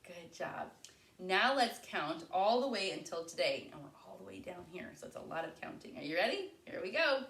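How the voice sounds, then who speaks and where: A woman preschool teacher leading a circle time lesson for young children, speaking in a slow, clear, encouraging sing-song way. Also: on the low side, sing-song, fairly bright tone, far from the mic. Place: home. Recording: echoey room.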